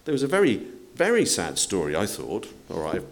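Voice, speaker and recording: A man preaching to his congregation, his pitch rising and falling animatedly. He talks in a conversational way, throwing out rhetorical questions and acting out the quotes he tells. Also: wildly swooping pitch, fairly quick. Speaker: pastor. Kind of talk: sermon.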